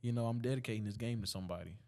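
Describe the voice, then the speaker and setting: A young man in his late teens, a high school student, casually telling a story in a laid-back way with frequent fillers and restarts. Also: rapid-fire, darkish tone.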